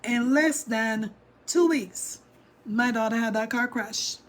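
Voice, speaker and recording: A middle-aged woman tells a story to her viewers in a lively, emphatic way, speaking straight to them. Her voice sits a little high for a woman. She leans hard on her points as she goes. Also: slow. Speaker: vlogger.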